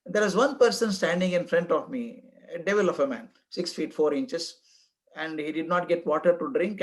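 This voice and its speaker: Indian man, guest speaker, storytelling and moralizing, brisk pace, higher voice. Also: rough recording. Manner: storytelling, moralizing, mixing in Kannada. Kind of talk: motivational talk with a story.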